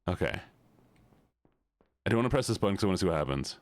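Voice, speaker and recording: A man's voice: mid-range voice, a little mellow. Guy streaming a game, goofy and chatty, answering chat, voice bouncing all over. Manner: playful, reads viewer messages aloud and answers them. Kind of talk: casual live-stream chat while playing a game.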